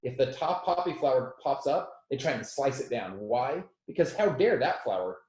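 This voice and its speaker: Male motivational speaker, thirties, mid-pitched, animated and self-deprecating, echoey room. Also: normal speed. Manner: animated, self-deprecating storyteller who acts out quotes loudly. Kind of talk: storytelling talk.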